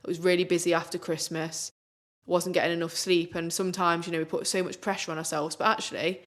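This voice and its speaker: A woman's voice: fairly low pitch, flat delivery, quick pace, fairly bright tone. A young woman, co-hosting a podcast in a chatty, upbeat way with many fillers. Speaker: podcast co-host. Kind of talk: casual podcast chat.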